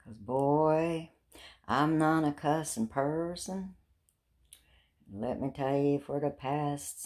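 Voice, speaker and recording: Middle-aged woman vlogger, deep and fried voice, handheld phone, chatty and rambling. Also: a little mellow. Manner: rambling and chatty, with repeated words and self-mocking laughs. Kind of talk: casual talk to camera.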